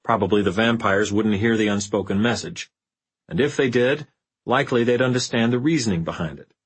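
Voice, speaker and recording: A man narrating a fantasy audiobook in a measured, even storytelling manner. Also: lowish voice, slightly rough, rough recording. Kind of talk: scripted narration.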